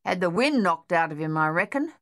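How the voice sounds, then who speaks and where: A woman voicing a steady male soldier who talks bluntly and laconically. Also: high voice, brisk, no room sound, clean studio sound, full character voice. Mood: dry. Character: steady older-brother male soldier, dry.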